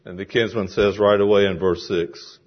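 A man's voice: lowish voice, normal speed. Preaching man, dull lo-fi recording. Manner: animated preaching, acting out quoted voices. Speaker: pastor. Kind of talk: sermon. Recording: dull lo-fi sound.

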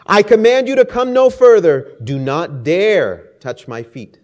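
A man voicing a proud, stubborn king who gives commanding, booming orders in a storytold sermon. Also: expressive, normal speed, a little mellow, natural voice. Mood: furious. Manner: commanding, booming royal decrees.

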